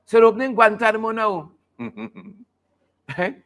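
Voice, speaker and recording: A man's voice: high-pitched, fairly even intonation, measured pace, a bit bright. A man hosting a live talk show, joking and commenting on the news in a playful, casual way. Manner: joking, playful, sings snippets and laughs often.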